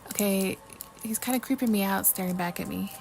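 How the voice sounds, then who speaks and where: A woman's voice: mid-range voice, a little fast, vocal fry, a little mellow, a little hiss or hum, rough recording. A woman hosting a casual livestream while crafting, chatting with viewers, reading trivia questions and often apologizing. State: mouth full of chocolate at times. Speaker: livestream host.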